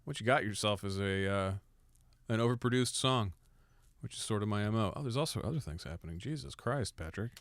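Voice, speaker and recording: A man's voice: lowish voice, fairly quick. A young man casually explaining how he produced a song, joking, swearing and mocking himself as he goes. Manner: irreverent, swears, self-mocking. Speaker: music producer and mixer. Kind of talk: casual tutorial with jokes.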